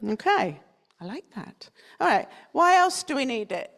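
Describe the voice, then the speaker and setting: A woman's voice: high voice, sing-song, measured pace, gravelly. A woman from North London with a standard British accent, giving a chatty conference talk and putting questions to the audience. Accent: standard British English. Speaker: conference speaker. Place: conference hall.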